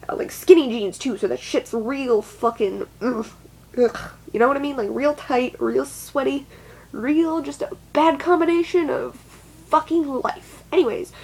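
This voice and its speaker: A woman's voice: high-pitched, a little mellow, rough recording. A young adult woman telling a personal story in a casual, rambling way, swearing often and filling with "like". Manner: rambling, swears a lot, frequent "like" fillers. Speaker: vlogger.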